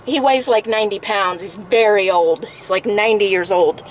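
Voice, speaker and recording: A woman's voice: mid-range voice, moderate pace, slight background noise, poor audio. A woman vlogger venting in frustration about a bad experience, talking to a phone camera from a parked car. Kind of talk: angry personal vlog rant.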